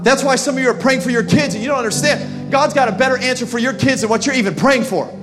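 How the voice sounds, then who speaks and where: A man's voice: extremely high pitch, fast talker, music in the background. A male pastor giving an impassioned sermon, calling out to the congregation to repeat words and answer back. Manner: impassioned preaching with call-and-response.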